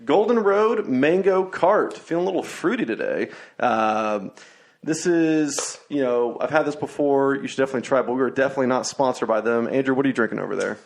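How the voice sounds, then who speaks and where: A man's voice: mid-range voice, animated, a little fast. A young man hosting a podcast, telling rambling stories in casual chat with lots of fillers and restarts. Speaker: podcast host.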